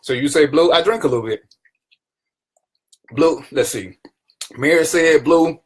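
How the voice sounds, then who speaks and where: A man's voice: fairly high pitch, a little slow, breathy edge. A man hosting his own live stream, greeting viewers by name and teasing them in casual, playful banter. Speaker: livestream talk show host.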